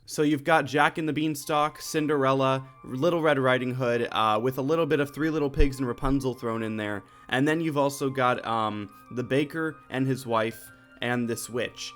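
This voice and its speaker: A man chats through a plot recap in an offhand, joking manner, tossing off quick paraphrased lines for the characters. His voice sits at an ordinary middle pitch. Soft music plays faintly underneath. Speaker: movie recap host. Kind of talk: casual spoken recap.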